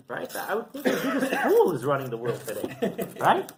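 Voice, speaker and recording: A man's voice: on the high side, normal speed, heavy background noise. A male rabbi giving a Torah class, telling stories animatedly and often checking in with "right?". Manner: animated storytelling with frequent "right?".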